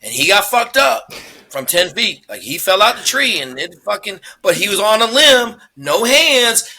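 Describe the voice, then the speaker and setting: Casting: middle-aged man, high bright voice, profane emphatic storyteller. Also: big pitch swings, moderate pace, a little hiss or hum. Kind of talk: casual chat.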